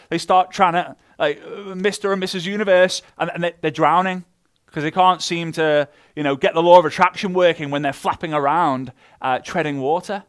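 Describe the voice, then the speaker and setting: A man with a fairly high voice gives a motivational talk to network marketers. He speaks with lots of energy and switches into little voices for the people he quotes. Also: normal speed, smooth. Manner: animated, acts out quoted voices.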